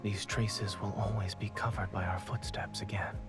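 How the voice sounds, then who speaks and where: A man voicing a gentle, wistful young man in whispered role-play. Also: lowish voice, level tone, moderate pace, natural voice. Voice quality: soft, breathy whisper. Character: gentle, reserved young man, quietly affectionate. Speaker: game character. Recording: game audio over loud music.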